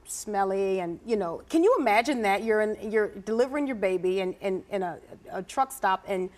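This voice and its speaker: A woman co-hosting a casual chat about news headlines, animated and laughing often. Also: mid-range voice, normal speed. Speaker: co-host.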